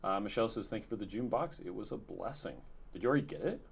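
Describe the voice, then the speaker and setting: A man co-hosting a live stream, chatting casually and reading viewer comments aloud in a relaxed, quiet way. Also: on the low side, fast talker, creaky, breathy edge. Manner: relaxed, reads chat messages in a quiet flat tone.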